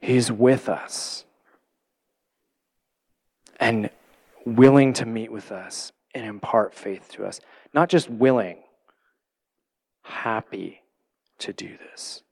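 A man giving earnest, reflective Bible teaching in a sermon style, asking his listeners questions and dropping to a soft, quiet voice at tender points. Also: lowish voice, takes it slowly, gravelly, long pauses.

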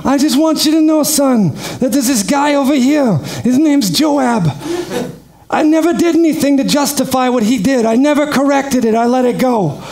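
A man's voice: very high-pitched, normal speed, darkish tone, pitched above the performer's own voice. A man voicing a dying old king who talks like a menacing mob boss, mumbling as if through cotton in his mouth.

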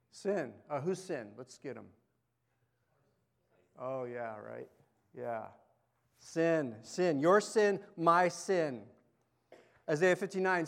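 A male pastor preaching a sermon in a conversational way, asking the congregation questions and swinging between emphatic lines and near-murmurs. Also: a little high.

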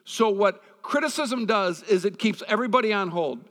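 A pastor talks through his sermon in a casual, conversational style at normal speed, tying scripture to stories from his life. His voice is somewhat high for a man, and a long reverb hangs behind him as in a spacious hall.

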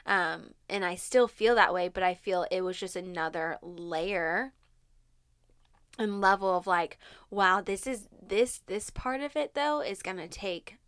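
A young woman, co-hosting a podcast, who talks openly, laughs often and grows animated when retelling events. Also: mid-range voice, unhurried, smooth, no echo, clean studio sound. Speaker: podcast co-host. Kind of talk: candid conversation.

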